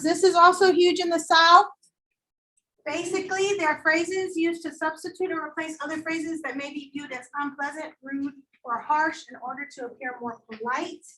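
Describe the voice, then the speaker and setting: A woman teaching a high school English lecture, chatty and animated, acting out quoted voices as she explains. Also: moderate pace, low-quality recording. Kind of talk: classroom lecture.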